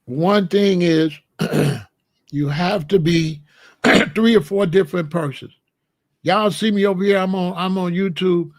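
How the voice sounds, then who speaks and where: Man, high voice, dry close sound, blunt and scolding commentator delivering an opinion monologue. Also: unhurried, dry recording. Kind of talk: opinionated monologue to a live chat.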